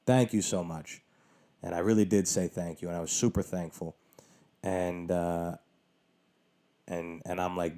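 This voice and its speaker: A man hosting his own podcast, telling a long story in a casual, animated way with lots of swearing and exasperation. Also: sits low, a little slow, pauses often. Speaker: podcast host.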